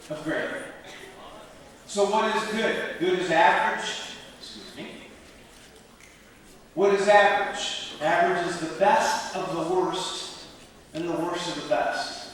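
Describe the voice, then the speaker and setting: A man giving a joking, energetic motivational speech at a school assembly, walking around the stage and putting on voices as he talks. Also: high-pitched, a little slow, pauses often. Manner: energetic, jokey, acts out voices, walks while speaking. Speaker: motivational speaker. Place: large school auditorium. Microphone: handheld or wireless mic, moving around stage. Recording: echoey hall, distant mic, faint ambience.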